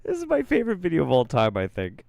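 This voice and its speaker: A man's voice: fairly high pitch, wildly swooping pitch, fast, creaky, a little mellow. A man hosting a show, giving amused, profane casual commentary on a clip he is watching. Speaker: host reacting to a clip.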